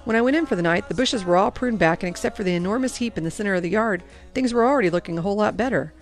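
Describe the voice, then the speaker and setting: A woman reading first-person audiobook narration in an earnest, expressive way. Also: mid-range voice, very fast, soft background music.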